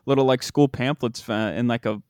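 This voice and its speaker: A young man with a slight Southern country accent hosting a casual podcast, ranting with animated disbelief. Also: mid-range voice, moderate pace, clear, resonant tone, no echo, studio quality. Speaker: podcast host.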